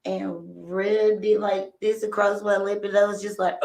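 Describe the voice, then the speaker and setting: A woman co-host tells a story with lots of laughter and lets her sentences trail off softly. Her voice sounds roomy and echoey. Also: medium pitch. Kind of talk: casual storytelling.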